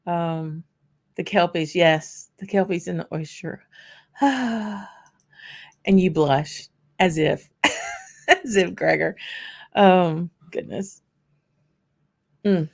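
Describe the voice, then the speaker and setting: Woman, whisky host, casual livestream chat, answers viewers by name, lowish voice. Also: very animated, extremely slow, gravelly, pauses often. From Louisiana. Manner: chatty, answers viewers by name while tasting.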